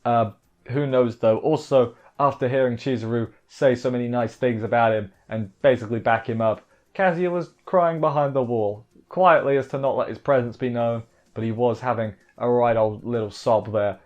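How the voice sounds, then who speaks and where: Male anime reviewer, excitable and exasperated, mid-pitched, cuts himself off constantly, dull lo-fi mic. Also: normal speed. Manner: excitable, exasperated, self-interrupting. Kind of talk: casual episode recap review.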